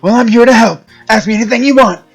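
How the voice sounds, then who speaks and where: A gruff detective with a gravelly, husky rasp, as a streamer puts him on. He talks high and blustery, barking at his underlings while he reads through game dialogue. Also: quick pace, faint music behind, heavily acted. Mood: blustering. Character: gruff loyal male police detective.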